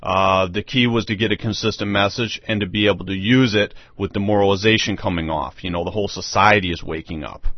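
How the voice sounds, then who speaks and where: A man's voice: on the low side, fairly even intonation, brisk, few pauses, no echo. A man hosting an online radio show, delivering a rambling, emphatic monologue that repeats itself. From United States. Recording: dull lo-fi dry audio.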